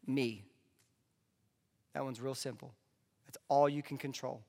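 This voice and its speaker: A man delivering a conversational sermon as a pastor, dropping into soft asides. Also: medium pitch, steady tone, normal speed, long pauses. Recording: long hall reverb.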